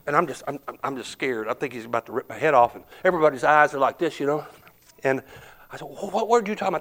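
A man preaching a sermon, telling a story, swinging from hushed murmurs to emphatic shouts. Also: a little high, lively intonation, fast talker.

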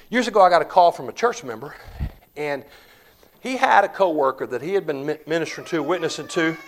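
A man preaching a sermon as pastor, swinging between loud declarations and hushed storytelling. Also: fairly high pitch.

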